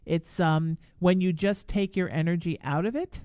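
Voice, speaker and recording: A woman's voice: fairly low pitch, normal speed, mellow, no echo, clean studio sound. A woman hosting a live call-in radio show, giving chatty, emphatic spiritual advice to callers. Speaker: radio show host and psychic.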